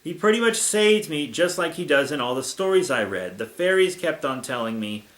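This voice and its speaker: A man's voice: on the high side, sing-song, moderate pace, a bit bright, echoey room. A man reading the first-person narration of a naive young female giant moth, in a storybook manner.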